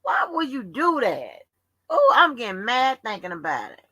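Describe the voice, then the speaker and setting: A woman's voice: on the high side, wildly swooping pitch, moderate pace, sharp tone, husky, dry recording. A woman hosting a livestream open forum, telling stories in a blunt, profane, casual rant. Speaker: livestream host.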